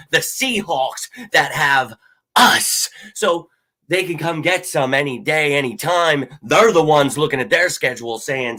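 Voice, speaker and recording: Man, live fan-stream host, casual chat, rowdy and cussing, tense bright voice, slightly worn from shouting. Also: on the high side, animated, a little slow. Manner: hyped, rowdy and profane, swings loud. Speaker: sports fan show host.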